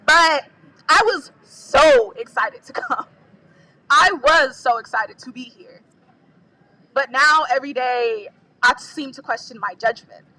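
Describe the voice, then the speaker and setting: A woman's voice: high-pitched, very animated, slow, sharp tone, rough recording. A young woman student, anxious and close to tears, reading a protest speech from notes on a handheld mic outdoors. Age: young adult. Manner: anxious, rising to angry. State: on the verge of crying.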